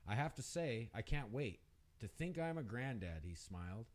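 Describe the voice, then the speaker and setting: A man's voice: sing-song, normal speed. A man reading a short story aloud on a radio show, lifting his voice for the women's lines. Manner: reads aloud, raises pitch for the women's lines. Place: radio studio.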